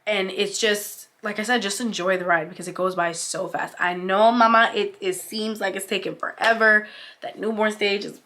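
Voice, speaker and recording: A woman's voice: mid-range voice, fairly even intonation, moderate pace, pushed and bright. A young woman vlogger in a casual sit-down chat, heartfelt and encouraging, full of "like" fillers and close to tears. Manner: chatty, heartfelt, many "like" fillers; encouraging, speaks to other mothers as "mama".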